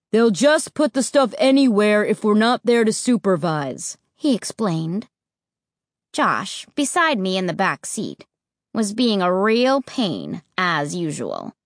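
A woman's voice: medium pitch, no echo, studio quality. A woman narrating a storybook and voicing its characters' lines. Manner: lively, acts out the characters' lines. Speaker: audiobook narrator.

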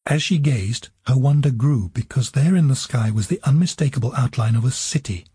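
A man narrating an audiobook in an even storytelling manner. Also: mid-range voice, fairly quick, husky, dry recording.

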